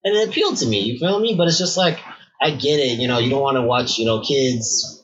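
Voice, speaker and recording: A man's voice: medium pitch, animated, brisk, a bit bright. Man ranting profanely on a podcast. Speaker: podcast co-host. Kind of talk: casual chat. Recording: dull lo-fi sound.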